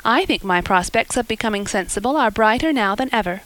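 A woman's voice: a little high, animated, a little fast, a bit bright, no room sound, low-quality recording. A woman voicing an impulsive, romantic young girl who talks earnestly and at length in a storybook reading. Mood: cheerful. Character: eager young woman, chatty, romantic, spirited.

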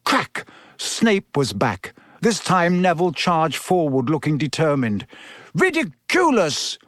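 A man's voice: on the high side, expressive, a little slow, no echo, studio quality. A man reading a story aloud as scripted narration, delivering it expressively and slipping into voices for the characters.

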